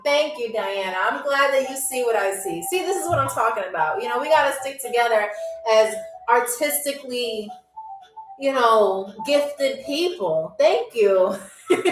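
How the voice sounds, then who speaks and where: A woman hosting a live-streamed game show, playful and teasing as she talks straight to her chat. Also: high voice. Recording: echoey room with faint music.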